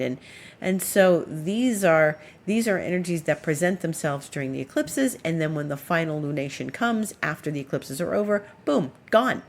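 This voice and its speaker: Woman, astrologer, deep voice, expressive, rambling casual story. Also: moderate pace, slight background noise.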